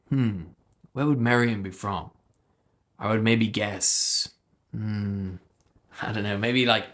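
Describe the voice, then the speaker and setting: A man's voice: medium pitch, fairly bright tone. A man, a speech coach, chatting casually on a livestream and answering viewers. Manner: chatty, loose, fillers, answers viewer comments.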